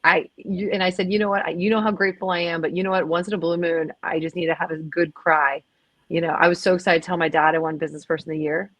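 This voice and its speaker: A woman's voice: on the low side, steady tone, fast, a bit bright, no echo, dull audio. A woman speaking as a podcast guest in candid, emphatic conversation, swearing now and then and restarting her sentences.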